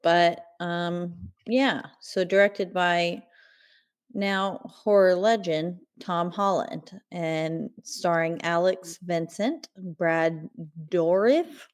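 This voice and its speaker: A woman's voice: fairly low pitch, very slow, smooth. A woman co-hosting a podcast, recapping a horror movie in casual chat, rambling with fillers and laughs. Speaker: podcast co-host.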